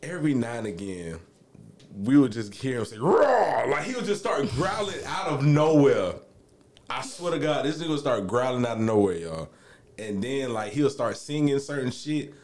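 A young man, telling a story in a casual podcast chat, animated and swearing freely. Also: moderate pace. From Alabama, US. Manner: animated, swearing, acts out quotes in high voices. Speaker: podcast co-host.

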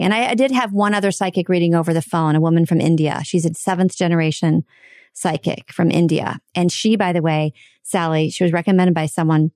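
A woman who hosts her own show, chatting casually as a guest and telling a story in an animated, self-deprecating way. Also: lowish voice, no echo, clean studio sound. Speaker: podcast host and guest. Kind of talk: casual chat.

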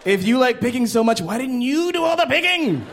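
A high-pitched man doing stand-up with a very lively, swooping delivery. He laughs through his lines and shrieks up for quoted voices. The club has a faint hum behind him. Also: brisk, gravelly, some chatter behind. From Brooklyn. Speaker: stand-up comedian. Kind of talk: stand-up routine. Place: comedy club stage.

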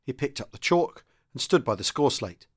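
A man reads a wartime novel aloud in a steady, mid-pitched voice. His narration stays even, and his voice rises in pitch and volume whenever a character speaks. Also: normal speed, breathy edge.

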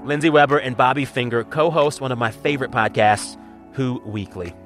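A man hosting a radio interview from home, chatty and quick to laugh. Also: mid-range voice, a bit bright, soft background music. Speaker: radio show host. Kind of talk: conversational interview.

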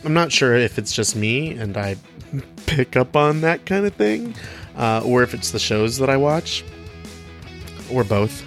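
Young man, podcast host, playful and cheeky, chatty with fillers, mid pitch, faint guitar behind. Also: fairly bright tone. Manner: cheeky, playful, laughs often, many fillers. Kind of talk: casual solo podcast talk.

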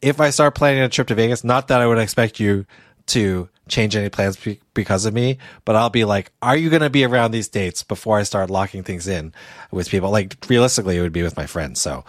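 A man's voice: fairly low pitch, fairly quick, no room sound, clean studio sound. A man co-hosting a podcast, casual and laid-back, often rambling and correcting himself. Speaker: podcast co-host. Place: home setup, Boston area.

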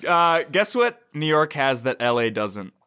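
A man co-hosting a comedy podcast, trading deadpan jokes and playful exaggerations in casual banter. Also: fairly high pitch, measured pace, smooth. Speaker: podcast co-host.

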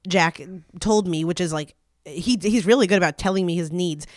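A man with a high voice chats casually in a dry, close room, telling an embarrassing story with lots of "like" and bursts of laughter. He talks in an animated, rambling way. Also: moderate pace, no room sound. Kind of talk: casual chat.

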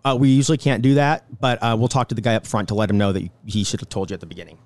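Brief: quick, animated male co-host, dry close mic, plays out quoted voices in his story. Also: fairly low pitch, dry recording. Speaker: show co-host. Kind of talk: casual chat.

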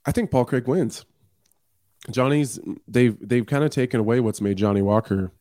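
A man's voice: medium pitch, moderate pace, dark tone, no echo, studio quality. A man appearing as a fighter on a sports talk show, speaking frankly with stammering restarts. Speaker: guest fighter. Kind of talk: casual sports chat.

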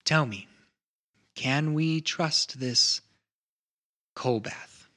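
A man voicing a composed female wood elf who speaks for her council in measured, formal sentences. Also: mid-range voice, sharp tone, voice pushed up. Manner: measured, formal diplomatic speech.

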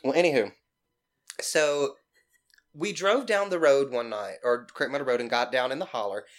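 A woman's voice: rumbling low, moderate pace. A woman from Mississippi with a thick Southern accent, telling a story casually as a podcast guest, rambling and swearing freely.

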